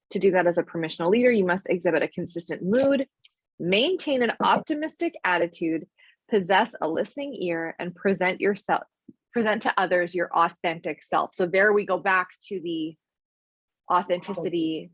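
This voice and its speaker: A woman's voice: fairly low pitch, moderate pace, husky, no echo. A woman hosting a leadership study call, talking in a chatty way with many restarts and fillers. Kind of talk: casual group discussion.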